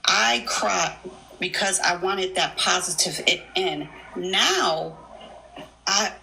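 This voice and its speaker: A woman in her fifties giving a personal testimony on a live stream, speaking in a slow, halting, heartfelt way. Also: fairly low pitch, gravelly, pushed and bright, slight background noise, poor audio. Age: 50s. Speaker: guest sharing a testimony.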